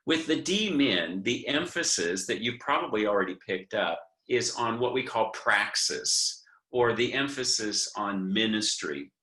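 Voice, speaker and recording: Man lecturing on a webinar, lively lowish voice, echoey room. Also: a little slow. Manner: earnest, explanatory, frequent restarts. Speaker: theology professor. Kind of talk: webinar talk.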